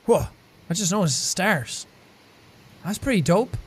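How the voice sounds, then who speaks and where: An excitable young man chatting over a game he is playing. His voice sits high and bounces all over the place. He is playful and gushes freely. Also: measured pace, slightly rough. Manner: excitable and playful, with gushing outbursts. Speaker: let's play host. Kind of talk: casual gameplay commentary.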